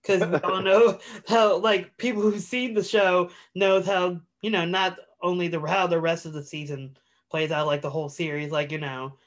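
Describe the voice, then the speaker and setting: A man co-hosting a podcast chats casually in a high-pitched voice with little pitch movement, at a moderate pace. He rambles, using lots of fillers and restarting his sentences.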